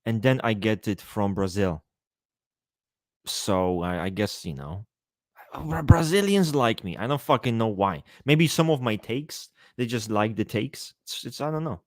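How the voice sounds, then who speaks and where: A man's voice: on the low side, expressive, a little slow, no echo, clean studio sound. A man hosting a casual livestream, greeting viewers by name and joking around with a lot of swearing. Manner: profane, joking, reads out viewer names. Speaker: livestream host.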